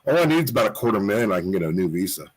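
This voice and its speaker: A man's voice: on the low side, sing-song, very fast, slightly rough, low-quality recording. A man chatting casually, rambling and swearing freely, a little tipsy after a few drinks. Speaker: guest. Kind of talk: casual chat.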